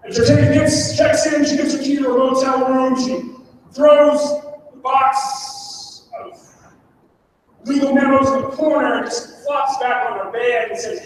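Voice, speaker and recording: A man giving a keynote speech as an animated storyteller who acts out the people he quotes. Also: very high-pitched, unhurried, a little hiss or hum. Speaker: conference speaker. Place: large hall. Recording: echoey hall from far off.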